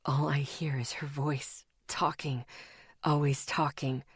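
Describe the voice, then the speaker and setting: Woman doing a worn-out young man, hushed and breathy, lower voice, close and dry audiobook sound, weak and despairing. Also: steady tone, a little slow, no echo. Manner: breathy, faint, whispering and despairing. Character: weak, exhausted young man near death.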